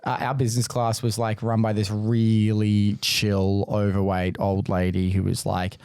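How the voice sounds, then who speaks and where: A young man hosting a podcast, telling stories animatedly, swearing freely and mimicking people in loud high voices. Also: completely flat delivery, unhurried, clean tone, no room sound, clean studio sound. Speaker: podcast host. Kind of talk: casual chat.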